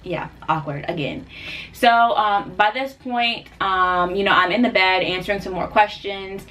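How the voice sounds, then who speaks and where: A young woman vlogger telling a personal story in a casual, chatty way, full of fillers, getting animated when she quotes people. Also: medium pitch, unhurried, slight background noise. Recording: voice a bit distant from the mic.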